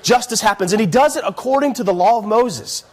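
A man's voice: high-pitched, fairly quick. A man preaching a sermon in a church, retelling a Bible story in a chatty, storytelling way and often asking the congregation "right?".

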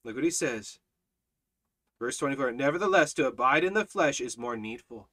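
A man leading a Bible study, preaching in an impassioned way that swings between loud exhortation and quiet, pressing emphasis. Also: medium pitch, animated, normal speed. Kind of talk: fervent Bible study teaching.

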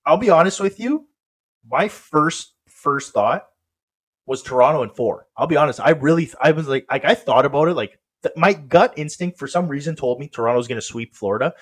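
A man's voice: a little high, animated, a little fast, breathy edge. A man co-hosting a casual sports podcast, talking in a rambling way with many fillers and restarts. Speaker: podcast co-host.

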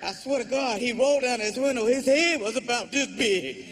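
A man telling a stand-up comedy story, animated and laughing along, over audience laughter. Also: extremely high pitch, normal speed, noisy background.

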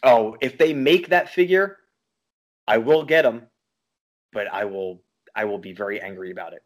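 A man's voice: lowish voice, normal speed. Profane ranting podcast co-host, man from Long Island. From Long Island, New York. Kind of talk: casual chat.

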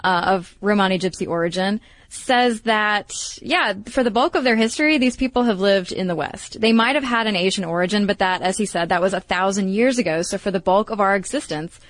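Woman podcast co-host, middle pitch, chatty anecdotal delivery, dry close mic. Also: fairly quick, no room sound. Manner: chatty, storytelling, hesitant restarts. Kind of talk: casual conversational podcast.

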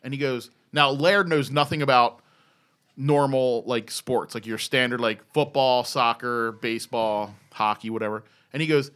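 Brief: male podcast host, mid-pitched, spinning a rambling, profane anecdote with energy. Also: normal speed, clean tone. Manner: animated, profane, rambling with fillers. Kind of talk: casual storytelling chat.

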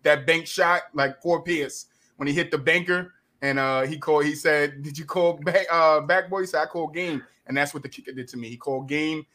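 A man's voice: fairly high pitch, pushed and bright. A man from New Jersey with a New Jersey accent, a guest on a sports podcast talking casually and with emphasis.

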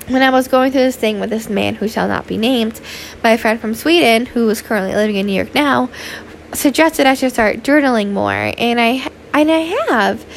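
A woman's voice: on the high side, gravelly, a little hiss or hum. A young woman hosting a casual solo podcast, talking in a chatty, candid way full of "like" and the odd swear, tired and yawning. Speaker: podcast host.

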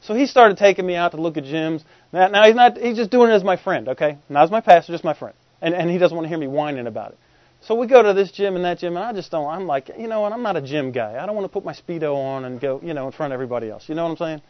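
Pastor guy preaching, chatty and folksy, highish voice, dry dull lo-fi sound. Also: animated, very fast, dry recording. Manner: folksy, conversational preaching with asides to the congregation. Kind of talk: sermon.

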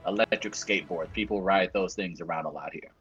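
A man's voice: sits low, a little fast, fairly bright tone, dull audio, faint music behind. A man co-hosting a radio show from another city, teasing and laughing easily. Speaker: radio co-host calling in remotely. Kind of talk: casual radio banter.

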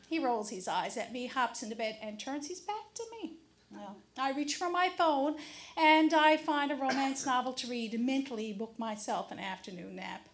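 A middle-aged woman telling a funny personal story on stage to a live audience, animated and acting out the crows' caws. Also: sits high, moderate pace. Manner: animated, mimics crow caws.

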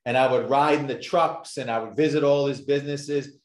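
A man's voice: mid-range voice, steady tone, fairly quick. Emphatic man in an echoey room. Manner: emphatic, repeats points for effect. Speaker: guest, addictions success coach. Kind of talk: podcast interview storytelling.

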